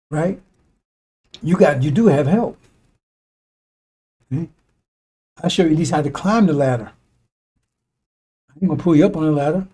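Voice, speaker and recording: His voice slightly high and mellow, a religious commentator offers a conversational, informal preaching monologue. He drills his points repetitively and with emphasis, frequently adding "see?" and "right?"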